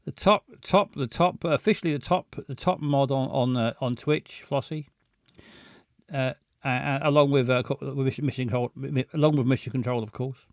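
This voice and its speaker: A man's voice: medium pitch, moderate pace, no room sound, studio quality. A man hosting a live stream in casual chat, rambling along and greeting viewers by name.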